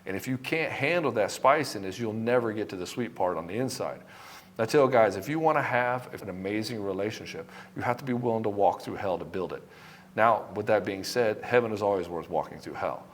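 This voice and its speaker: Fast-talking blunt male dating coach. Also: lowish voice, lively intonation, slight background noise. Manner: blunt, profane, emphatic. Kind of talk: direct-to-camera advice monologue.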